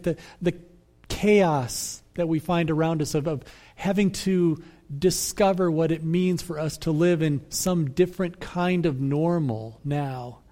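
A man preaching a sermon as pastor, in a measured, reflective way that repeats phrases for emphasis. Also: on the high side, warm tone.

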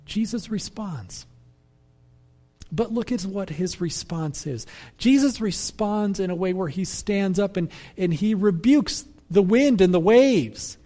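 A man preaching a sermon as pastor, in a measured, reflective way that repeats phrases for emphasis. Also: high voice, animated, dark tone.

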